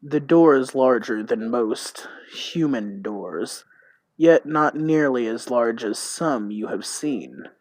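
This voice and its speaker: A man streaming a text role-playing game, reading it aloud haltingly and thinking out loud about his choices. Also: medium pitch, no room sound, poor audio.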